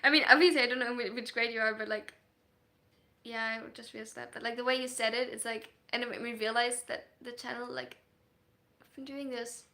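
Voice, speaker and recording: A woman livestreaming as a story writer, chatting casually with her viewers in an animated way and laughing often. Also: on the high side, a little fast. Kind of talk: casual livestream chat, reacting to viewers' messages.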